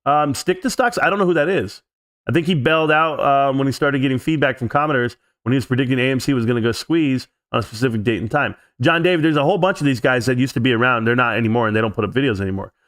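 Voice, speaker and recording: A man's voice: mid-range voice, very fast, fairly bright tone. Brash, mocking male stream host. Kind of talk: live stream commentary reading chat.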